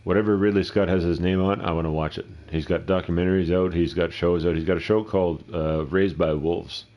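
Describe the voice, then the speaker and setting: A man's voice: sits low, steady tone, brisk, highs cut off. A middle-aged man giving casual, rambling, profane commentary while streaming a game, often talking to himself. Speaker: gameplay streamer.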